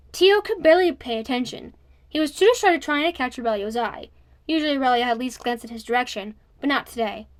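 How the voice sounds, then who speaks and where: A woman narrating a young-adult novel as an audiobook, reading steadily and expressively. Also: high voice.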